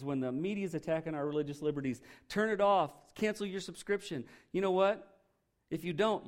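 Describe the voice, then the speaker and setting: A man's voice: fairly high pitch, a little mellow. A male pastor preaching a sermon in an emphatic, folksy way, firing rhetorical questions at his congregation.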